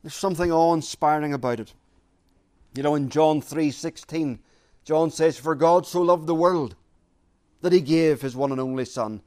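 A man preaching a sermon, earnest and deliberate, repeating key phrases for emphasis. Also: fairly high pitch, a little mellow.

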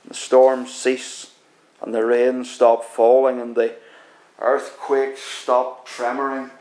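A man's voice: mid-range voice, little pitch movement, a little mellow. Man preaching a dramatic story, echoey. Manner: dramatic, builds tension, slows for emphasis. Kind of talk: sermon, vivid second-person storytelling.

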